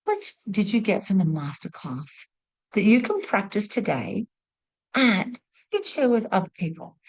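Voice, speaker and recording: A woman's voice: mid-range voice, very animated, unhurried. Woman hosting an online spiritual class. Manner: warm, repeats praise words in threes. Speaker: host and spiritual teacher. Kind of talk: live online class, leading a sharing round.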